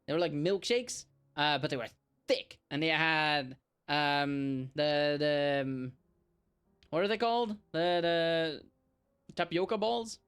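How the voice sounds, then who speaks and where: A young man streaming a video game, excitably yelling at enemies and chatting between fights. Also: a little high, slow pace, clean tone, soft background music. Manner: excitable, yells playfully at enemies. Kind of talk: live gameplay commentary.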